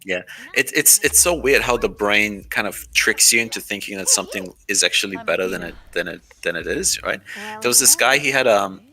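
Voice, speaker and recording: Man from Australia, casual gaming streamer, deep bright voice, rambly. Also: lively intonation, fairly quick. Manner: rambling, chatty, laughs often. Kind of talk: casual gameplay chat.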